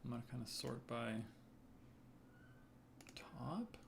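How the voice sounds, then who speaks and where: A man's voice: medium pitch, slow pace, gravelly, slight background noise. A man hosting a casual livestream as a writer, reading viewer comments aloud and reacting to them.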